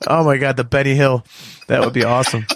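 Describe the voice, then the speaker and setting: A man co-hosting a podcast in casual chat, talking in animated bursts with stammered restarts and frequent laughs. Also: medium pitch, quick pace, background noise. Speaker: podcast co-host.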